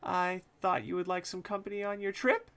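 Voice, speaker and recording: A man's voice: a little slow, natural voice. A man voicing a meek, small young woman stowaway who speaks timidly. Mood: pleading. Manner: squeaky and timid.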